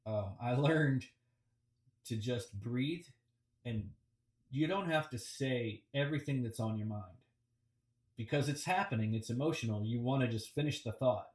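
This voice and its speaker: A man gives a relaxed, reflective coaching talk about public speaking on a video call, often pausing with ums and restarting his sentences. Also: medium pitch. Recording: roomy and distant from the mic.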